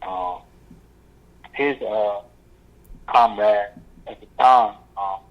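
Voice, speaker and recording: A man telling his story as an interview guest, rambling and halting with many fillers. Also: fairly low pitch. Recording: muffled lo-fi audio.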